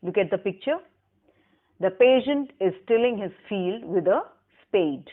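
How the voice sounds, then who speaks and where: A woman teaches a lesson at a very slow, careful pace. Her pitch sits in the middle range. She sounds out new words letter by letter for her students. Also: animated, narrow, tinny audio. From Pakistan. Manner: slow, deliberate teacher's delivery, spelling words aloud. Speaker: English lecturer. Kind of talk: recorded classroom lesson.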